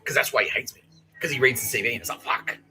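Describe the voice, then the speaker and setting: A man's voice: medium pitch, very fast, bright, forceful tone, soft background music, rough recording. A man hosting a podcast, talking in a profane, laughing, rambling monologue. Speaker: podcast host.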